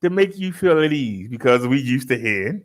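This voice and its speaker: Lively, animated storytelling man. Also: normal speed. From Baltimore, US. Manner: animated and joking, laughs often, mimics callers in high voices. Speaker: fitness vlogger telling a story. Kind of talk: casual storytelling to followers.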